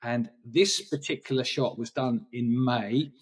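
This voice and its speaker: Man, photographer guest, rambly, restarts a lot, mid-pitched voice a bit off-mic. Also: steady tone, measured pace, slightly rough, recorded from a distance. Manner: rambling, hesitant with many restarts. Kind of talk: casual interview chat.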